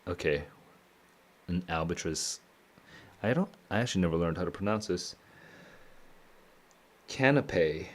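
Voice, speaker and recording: Reading a novel aloud at a moderate pace with long pauses, a streamer with a notably low voice often breaks off to muse about the text and chuckles throughout. The session is relaxed and unscripted, a casual mix of reading and reacting.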